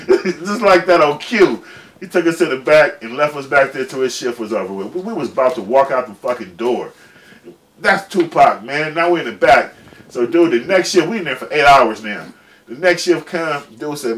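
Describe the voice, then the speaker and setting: A man's voice: a little high, lively intonation, a little fast, a bit bright. A man in his forties, a guest telling a long, rambling story in profane, slangy casual speech. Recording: distant mic with faint background noise.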